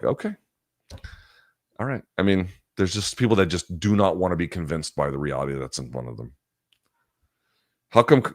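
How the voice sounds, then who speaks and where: A very low-voiced man hosts a live chat stream, reading viewer questions and launching into heated, profane rants. He talks loosely, with fillers and restarts, into a close mic with a dry, dead sound. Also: no room sound. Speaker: live chat show host. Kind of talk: casual livestream chat answering viewer questions.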